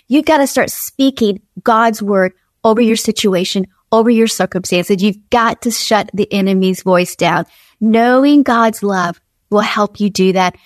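A woman's voice: mid-range voice, no echo. Earnest woman preaching, dry close mic. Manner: earnest, repetitive exhortation with acted-out inner dialogue. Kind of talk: devotional sermon.

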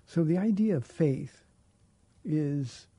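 Middle-aged pastor guy on a call-in show, husky voice, a bit high, dry studio sound. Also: expressive, takes it slowly, mellow, no room sound. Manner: earnest, repeats words while searching for phrasing. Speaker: pastor answering listener questions. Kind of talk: radio call-in Bible Q&A.

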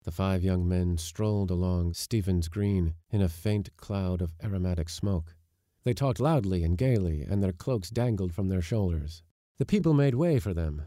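A man with a low, mellow voice reads a literary short story aloud, measured and steady, with brighter lifts at the lively moments. The sound is close and dry, with no room around it. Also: no room sound. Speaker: narrator. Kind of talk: scripted audiobook narration.

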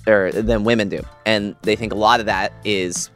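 A man's voice: fairly low pitch, fairly even intonation, moderate pace, fairly bright tone, smooth, faint music behind. Easygoing male radio co-host. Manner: easygoing, rambling with fillers. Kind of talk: casual morning radio banter.

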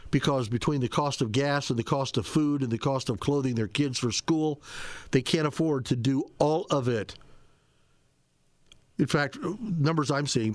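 A man's voice: medium pitch, no echo. Sarcastic male talk radio host, dry sound. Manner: combative, sarcastic, rhetorical questions.

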